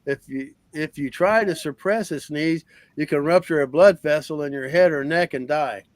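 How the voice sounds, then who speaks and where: A man's voice: fairly high pitch, moderate pace, no echo. A man co-hosting a casual live stream chat, reading fun facts and joking. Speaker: co-host.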